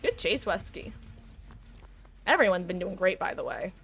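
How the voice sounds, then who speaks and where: A woman's voice: lowish voice, big pitch swings, moderate pace, creaky, fairly bright tone. A woman live-streaming a video game, chatting casually and explaining tactics to her viewers. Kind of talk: casual gameplay commentary.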